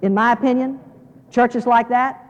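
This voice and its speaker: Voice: medium pitch, fairly even intonation, measured pace, muffled recording, slight background noise. A guest preacher speaks in a mid-range voice to seminary students, with the long reverb of a large chapel. The delivery is folksy and down-to-earth, full of small restarts. It grows emphatic and repetitive whenever the main point comes back. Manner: emphatic, repeats key phrases.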